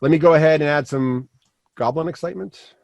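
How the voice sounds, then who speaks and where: Rambling male game master, slightly high pitch, dry mic. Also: fairly quick, vocal fry, a little mellow, no echo. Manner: rambling, many fillers and restarts. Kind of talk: running a tabletop game.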